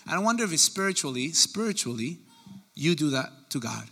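A man preaching a sermon, animated and acting out the people he quotes. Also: a little high, fairly quick. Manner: animated, acts out quoted voices. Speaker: pastor.

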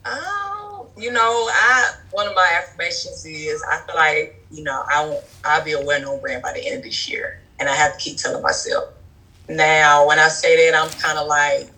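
A woman's voice: low voice, moderate pace, bright, forceful tone, poor audio. A woman guest on a podcast talking about her clothing brand in a casual, chatty way, with many fillers and laughs.

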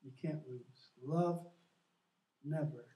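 A man's voice: fairly high pitch, slow. Earnest storyteller man, echoey and distant. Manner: earnest, animated storyteller who acts out quotes. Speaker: co-host of a Christian talk show. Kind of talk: casual faith talk, storytelling. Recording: echoey room, distant from the mic.

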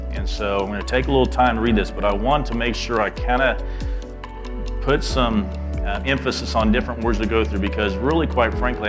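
A man preaching a sermon, reading scripture aloud and pausing to ask the congregation rhetorical questions, with mounting emphasis. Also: lowish voice. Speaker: pastor.

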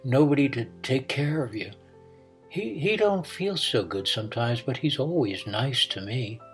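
A man voicing a nervous young woman who talks softly and plainly. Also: mid-range voice, animated, a little slow, soft background music. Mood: gentle.

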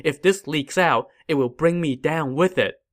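A man voicing a frightened young empress who speaks in an anxious, hushed way. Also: fairly high pitch, unhurried, no room sound, clean studio sound, voice pushed up, close to an everyday voice.

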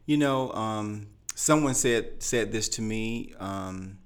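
Earnest low-voiced male principal. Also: slow, clear, resonant tone. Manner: earnest, animated when quoting others. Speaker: school principal, guest. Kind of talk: podcast interview.

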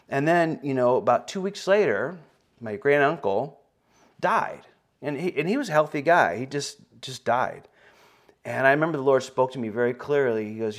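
A man, a pastor, telling a personal story in a sermon, often halting and repeating words, his voice lifting at the emotional points. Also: fairly high pitch, expressive.

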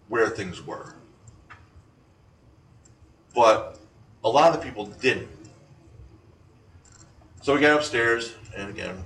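A man co-hosting a chat show about paranormal investigations, telling rambling, animated stories full of restarts. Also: fairly low pitch. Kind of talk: casual radio-style chat. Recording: echoey room, distant from mic, faint noise.

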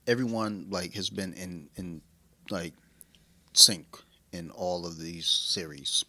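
A man co-hosting a casual podcast chat, talking in a rambling, profane and excitable way. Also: sits low, slow. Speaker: podcast co-host.

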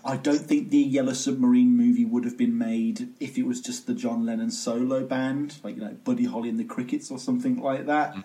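A man co-hosting a music podcast in a casual, joking way. He drops wry asides and talks in quick bursts, with a mid-range voice. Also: mid-range voice, steady tone, dark tone. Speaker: podcast co-host.

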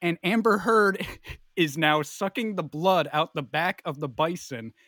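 Young guy spinning a crazy story, fairly high bright voice, lots of "like", dry close mic. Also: measured pace, dry recording. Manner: rambling, animated, many fillers. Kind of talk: casual comic storytelling.

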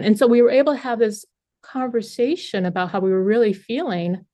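A woman's voice: fairly high pitch, brisk, mellow, no room sound. A middle-aged woman giving a frank, conversational share at a recovery meeting, swearing freely as she talks. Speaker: speaker sharing at a recovery meeting. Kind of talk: candid personal recovery share.

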